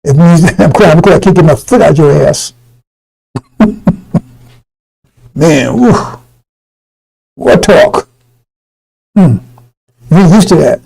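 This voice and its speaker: Gravelly, dark-toned preacher man. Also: on the high side, animated, takes it slowly, long pauses, low-quality recording. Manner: blunt and profane, mocking voices, laughing. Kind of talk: loose street sermon.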